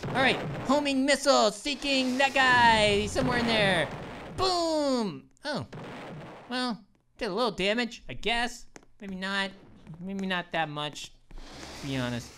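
An excitable cartoon grape, voiced by a woman gives let's-play commentary and bursts into cartoonish exclamations. The voice sits fairly high and swoops all over with lively energy. A faint noise hums behind it. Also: measured pace. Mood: excited. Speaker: gaming channel host.

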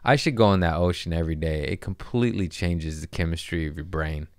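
Man, podcast host, low voice, smooth and clear, dry close sound, profane animated storytelling. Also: fairly quick, dry recording. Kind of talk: casual comedic storytelling.

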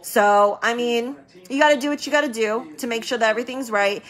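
Chatty bright-voiced businesswoman on a live stream. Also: fairly high pitch, fairly quick. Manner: chatty, rambling, repeats words for emphasis. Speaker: medical business owner hosting a live stream. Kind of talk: casual live-stream talk.

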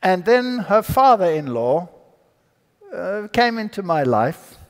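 High-voiced man telling his story in a hall. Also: takes it slowly. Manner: animated storyteller who acts out the people in his story. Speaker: speaker giving a personal testimony. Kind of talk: storytelling sermon to an audience. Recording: long hall reverb.

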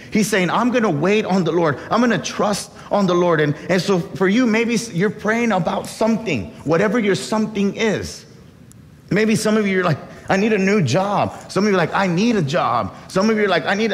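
A man's voice: high-pitched, big-room sound. A man preaching a sermon as pastor, earnest and often repeating and restarting his words.

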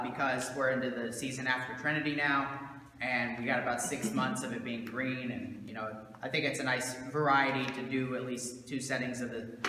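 A pastor with a Southern American accent teaches his congregation in a mid-range, bright, forceful voice, casual and conversational, full of fillers and asides. It's recorded in a church sanctuary whose roomy hall carries a long echo, with slight background noise.

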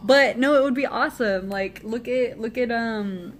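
A woman's voice: on the high side, normal speed, a little hiss or hum. A woman chatting casually and giggling often with friends while streaming from a hotel room. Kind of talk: casual chat.

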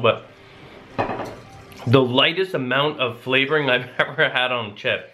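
Tired canadian guy rambling on his family vlog, normal pitched voice, bit of faint noise behind. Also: moderate pace. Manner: chatty, rambling, relaxed. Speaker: family vlogger. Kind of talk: casual vlog chat.

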